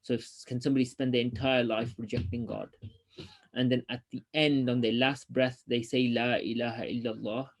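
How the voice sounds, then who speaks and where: A man teaching online reads from a religious text at a fast clip and then explains it in a loose, hesitant style packed with ums. His mid-range voice comes across with a flat delivery.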